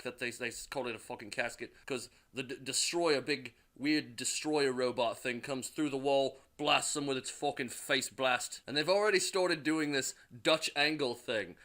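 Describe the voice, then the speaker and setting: A man's voice: mid-range voice, sharp tone. A young man recapping a movie plot in a casual, crude way, swearing constantly and now and then acting out a character's line. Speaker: movie reviewer recapping a film.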